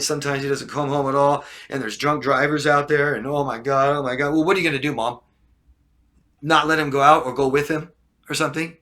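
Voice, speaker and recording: A man's voice: mid-range voice, pushed and bright. A man coaching viewers in a livestream, talking directly and bluntly, repeating key points and checking in with "okay?". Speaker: life coach. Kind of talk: livestream advice talk answering viewer questions.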